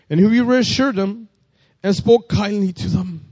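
A man's voice: high-pitched, a little slow, a little mellow, no room sound, highs cut off. A man preaching a sermon. He reads scripture and then talks plainly, repeating and restarting phrases, and his voice rises when he reads verses.

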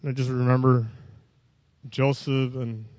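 A man's voice: medium pitch, level tone, slow pace, darkish tone, dry recording, muffled recording. A man preaching a sermon. He reads scripture and then talks plainly, repeating and restarting phrases, and his voice rises when he reads verses.

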